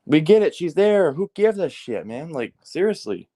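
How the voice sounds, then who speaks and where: A man whose voice is on the high side rants about sports at a moderate pace. The delivery is casual, heated and animated, with frequent cursing and plenty of "like" and "man" as fillers.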